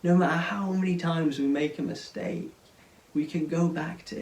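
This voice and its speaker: A man's voice: on the high side, fairly even intonation, moderate pace, slight background noise. Earnest male preacher retelling a parable, recorded from a distance. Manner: earnest, often drops to a hushed voice. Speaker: church speaker. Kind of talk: storytelling sermon. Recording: roomy sound, mic at a distance.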